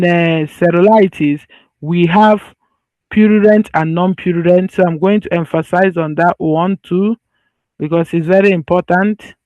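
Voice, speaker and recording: Man, high-pitched voice, medical lecturer, repeats himself for emphasis, casual restarts, dry dull recording. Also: mellow, no room sound. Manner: conversational, loose phrasing with restarts. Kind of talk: slide-based teaching.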